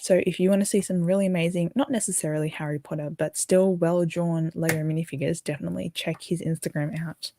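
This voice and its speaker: A woman's voice: lowish voice, steady tone, quick pace, hardly any pauses, background noise. A tired young Australian woman hosting an early-morning livestream, rambling casually and answering viewer comments as she builds. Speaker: livestream host.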